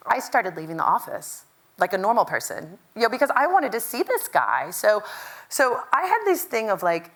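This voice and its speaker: A middle-aged American woman from Kentucky giving a chatty, lively keynote talk, acting out what people said. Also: mid-range voice, moderate pace. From Louisville, Kentucky. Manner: chatty, lively, quotes people in animated voices. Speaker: keynote speaker. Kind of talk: conference keynote storytelling.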